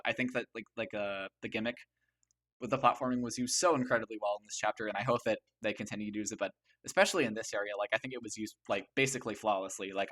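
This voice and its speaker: Young man, casual video commentary, gushing, stammers and restarts, bright forceful tone. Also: fairly low pitch. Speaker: video host ranking a game soundtrack.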